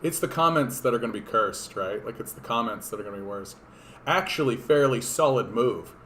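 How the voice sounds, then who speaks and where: A man with a hoarse voice, giving rambling, sarcastic and profane political commentary on a casual livestream. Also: mid-range voice, lively intonation, fairly quick, bright, forceful tone, a little hiss or hum. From Canada. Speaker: political streamer.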